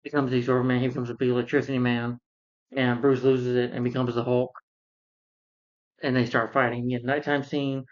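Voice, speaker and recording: A man rants casually about a film he dislikes, rambling through the plot and acting out the characters as he goes. His voice sits at an ordinary middle pitch. The recording sounds slightly dull and lo-fi. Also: little pitch movement, brisk. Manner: rambling, retells scenes and acts out characters. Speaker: film reviewer. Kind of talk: casual film review rant.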